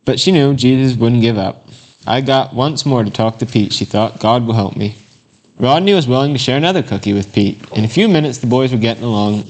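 A man reading a children's devotional story and Bible verses aloud, in a plain, unhurried manner with occasional slips. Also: mid-range voice, a little mellow. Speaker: Bible lesson reader.

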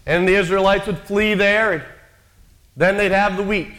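A man's voice: sits high, steady tone, normal speed, fairly bright tone. A man preaching a sermon in a conversational, storytelling way, acting out quotes from the characters he describes.

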